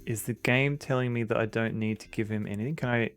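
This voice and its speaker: A man's voice: mid-range voice, steady tone, fast talker, a bit bright, faint music behind. Laid-back man streaming a retro game. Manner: rambling, chuckling, greets chat. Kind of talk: casual game commentary.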